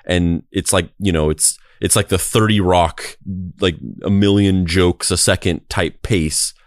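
Low-voiced rambling podcast co-host. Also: male voice, fairly even intonation, unhurried, dry recording, studio quality. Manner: rambling, heavy on fillers. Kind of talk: casual chat.

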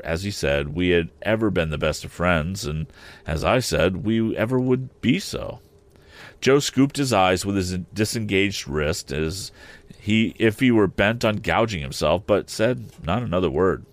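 A man narrating an audiobook of a classic novel in a measured storytelling manner. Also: low voice. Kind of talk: scripted narration.

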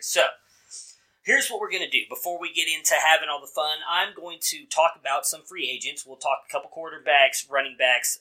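A man's voice: medium pitch, sharp tone. A man hosting a casual podcast, chatty and laid-back with loose phrasing. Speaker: podcast host.

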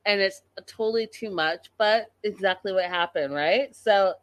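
A woman recapping a reality show in an animated, gossipy way, talking straight to her viewers. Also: mid-range voice, a little slow, no echo.

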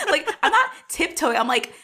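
A woman co-hosting a podcast, chatting casually about a movie in an expressive, jokey way, with swearing. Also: very high-pitched, unhurried. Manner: expressive, jokey, swearing, with shouted quoted asides. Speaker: podcast co-host reviewing a movie. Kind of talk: casual chat.

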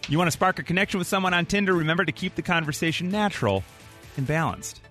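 A man's voice: sits high, fast, sharp tone, faint music behind. A man hosting a morning radio show, bantering playfully and reading a list with mock drama.

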